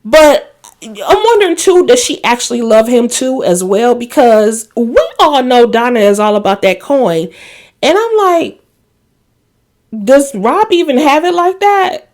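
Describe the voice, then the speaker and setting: Woman recap host, slightly high voice, conversational gossip delivery, acts out quotes. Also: very animated, a little slow, a little mellow. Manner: chatty storytelling with asides to viewers; laughs and acts out quoted lines. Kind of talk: casual episode recap.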